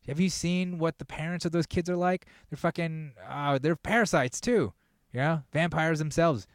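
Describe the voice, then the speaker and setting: A man hosting a podcast with a profane, riffing comedic rant that builds to loud mock outrage. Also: mid-range voice, dry recording, studio quality. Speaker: podcast host.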